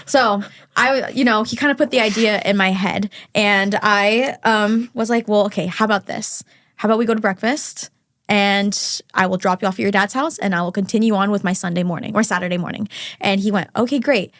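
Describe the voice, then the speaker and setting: A young woman guesting on a podcast speaks briskly in a mid-range voice. She tells a dating story in casual, animated chat, acting out the quotes.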